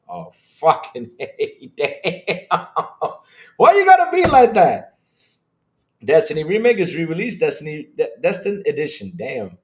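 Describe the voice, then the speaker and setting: Animated man hosting a gaming stream. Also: mid-range voice. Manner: animated and rambling, swears when worked up. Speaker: podcast host reading live chat. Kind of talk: casual livestream chat.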